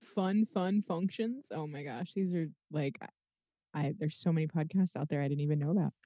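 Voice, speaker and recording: A woman's voice: sits low, normal speed, warm tone, no room sound, clean studio sound. A woman chatting casually on a podcast panel, bubbly and laughing a lot. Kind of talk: casual chat.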